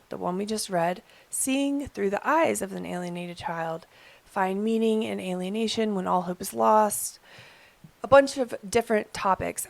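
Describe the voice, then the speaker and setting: A woman hosting her own channel, explaining in a calm, earnest, measured way. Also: mid-range voice, creaky. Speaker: channel host. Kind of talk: explainer video talk.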